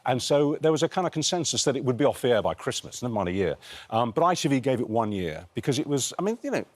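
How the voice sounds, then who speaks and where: An older man from Essex, speaking with a soft estuary lilt as a guest on a morning show. He talks fast and lets his pitch swing widely while he tells his tales. It is a warm, chatty storytelling manner. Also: dry recording. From England. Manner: animated storytelling, lively swoops in pitch. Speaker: guest author. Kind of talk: casual chat.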